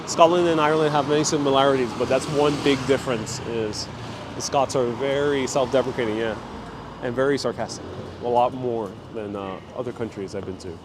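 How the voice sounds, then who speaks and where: A man's voice: medium pitch, steady tone, fairly quick. A man with an American accent, hosting a live walking vlog outdoors and chatting while he reads out viewer comments. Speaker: travel vlogger. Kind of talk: live-stream walking vlog, reading chat. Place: outdoors on a city street. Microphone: handheld phone. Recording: noisy street.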